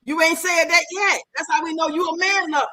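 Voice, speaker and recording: A woman from Chicago with a Chicago accent, hosting a livestream and answering her chat in an animated, outspoken way. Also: very high voice, a little fast, poor audio. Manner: animated, outspoken, emphatic, talks back to the chat. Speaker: livestream host. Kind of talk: livestream chat reacting to comments.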